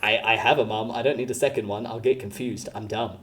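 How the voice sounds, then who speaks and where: A woman's voice: very deep voice, fairly even intonation, fairly quick. A woman chatting casually on a live stream. She rambles, swears freely and laughs often.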